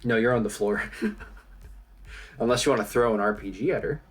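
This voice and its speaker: A man's voice: mid-range voice, moderate pace. A man narrating as game master of a tabletop game, in a casual manner with fillers and laughs. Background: music.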